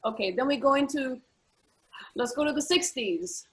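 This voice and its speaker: A woman's voice: high-pitched, expressive, moderate pace, low-quality recording. A woman co-hosting a casual talk show, speaking earnestly with frequent fillers and repeated words. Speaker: co-host. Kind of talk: casual conversational chat.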